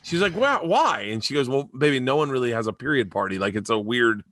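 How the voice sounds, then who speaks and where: A middle-aged man, a guest comedian, telling stories in a casual chat and acting out the voices of the people in them. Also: fast. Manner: animated, acts out quoted voices with big pitch jumps.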